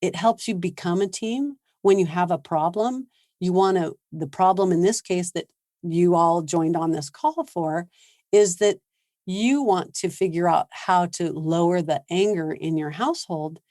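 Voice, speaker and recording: Woman coach, lowish voice, lively seminar delivery, close dry recording. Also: unhurried, no room sound. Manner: animated, laughs often, acts out quoted lines. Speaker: parenting coach. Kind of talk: seminar talk.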